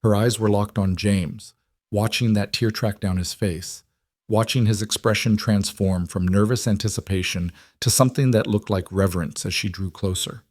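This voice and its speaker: A man narrating a scripted western romance story in a measured, gentle way. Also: lowish voice, steady tone, dry recording, clean studio sound.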